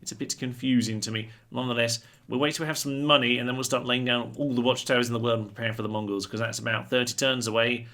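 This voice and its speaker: A man's voice: medium pitch, fairly even intonation, quick pace, few pauses, a bit bright. A man hosting a gaming channel, giving chatty, wry commentary on a strategy game as he thinks aloud.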